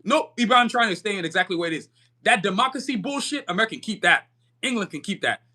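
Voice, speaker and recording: A man hosting a live-stream podcast, pouring out a fiery, profane rant in streetwise slang. His voice sits quite high and comes out fast. The tone is bright and cutting, and he keeps checking in with his listeners as he goes. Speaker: podcast host.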